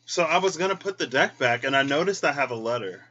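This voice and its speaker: Chatting fast with lively intonation, the tarot-reader vlogger is openly emotional and choked up, slipping into high squealed quotes of his reactions. His voice sounds pushed and bright on lo-fi sound.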